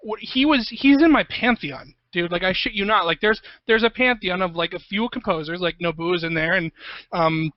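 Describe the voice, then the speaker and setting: A man, a composer guest, telling stories in a rambling, profane, excitable way in a casual interview. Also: high-pitched, normal speed, dry recording, dull audio. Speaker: guest, video game composer.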